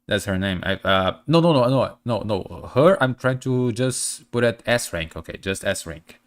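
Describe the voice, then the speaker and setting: Streaming casually to his viewers, a man speaks in a fairly low, expressive voice at an unhurried pace. English is not his first language, and his nose sounds stuffy and blocked. His chat is full of fillers and restarts.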